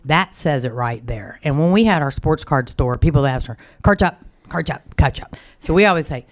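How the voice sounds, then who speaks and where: A woman's voice: deep voice, expressive, moderate pace, a little hiss or hum. A woman from Oklahoma speaking up at an open-forum conference, telling rambling stories from her working life. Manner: rambling, storytelling, acts out quoted greetings. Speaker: audience member at a symposium.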